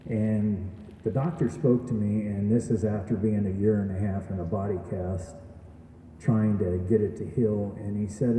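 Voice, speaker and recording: A man tells his story earnestly, turning to the audience with questions. His voice is dark and mellow, and it carries a long reverb from a large hall, picked up from far off the mic. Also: on the low side, slight background noise. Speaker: graduation speaker. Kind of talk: testimonial speech. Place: event hall.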